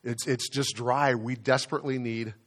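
Man, pastor giving a chatty sermon, mid-pitched voice, repeats words, slows down for emphasis. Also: fairly even intonation. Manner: conversational, slows down to stress key phrases, repeats words.

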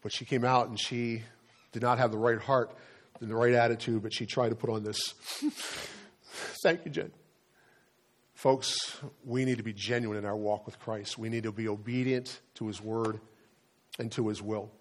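A middle-aged man preaching a sermon as a pastor, telling stories in a relaxed, conversational way and often repeating words as he goes. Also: fairly low pitch, brisk.

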